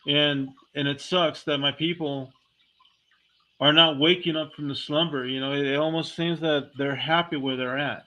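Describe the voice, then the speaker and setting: A man's voice: on the high side, fairly even intonation, normal speed, bright, forceful tone. A man delivering a heated, blunt, profane monologue as a vlogger, talking casually and speaking his mind. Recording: dull lo-fi recording.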